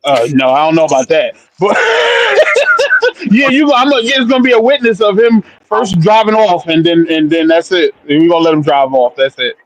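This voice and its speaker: Guy guest cracking jokes, pretty high voice, bouncy, casual chat. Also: sing-song, moderate pace, fairly bright tone, a little hiss or hum. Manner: joking, playful, self-mocking.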